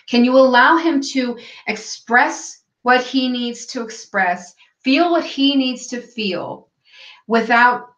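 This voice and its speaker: A woman guest in a casual interview, telling a personal story in an animated way and acting out what others said. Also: a little high. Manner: animated storytelling, acts out quoted voices. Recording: echoey, dull lo-fi call audio.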